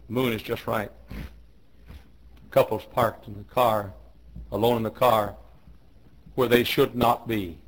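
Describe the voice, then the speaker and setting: A man's voice: level tone, measured pace, long pauses, poor audio. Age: 50s. Sex: man. Role: fiery preacher. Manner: swings from hushed low tones to shouted, rising cries, hammering repeated commands. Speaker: pastor. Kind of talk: fiery sermon. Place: church auditorium.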